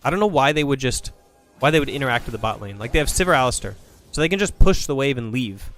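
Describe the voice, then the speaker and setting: A man commentating a video game match, breaking plays down quickly and thinking aloud. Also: mid-range voice, animated, a bit bright, faint music behind. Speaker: esports caster. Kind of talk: play-by-play and analysis commentary.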